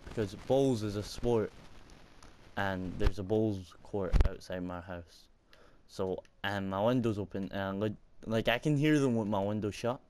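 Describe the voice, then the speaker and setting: A man's voice: on the low side, a little slow, a little mellow, a little hiss or hum. A young man commenting on a game from his room at home, frustrated, swearing and laughing at himself. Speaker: gaming YouTuber. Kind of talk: let's-play commentary. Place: room at home with window open. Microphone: microphone at computer.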